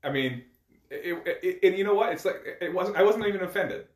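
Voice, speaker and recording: A man's voice: high-pitched, a little fast. A man co-hosting a podcast, chatting in an easygoing, reflective way with filler words. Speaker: podcast co-host. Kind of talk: casual chat. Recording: roomy echo.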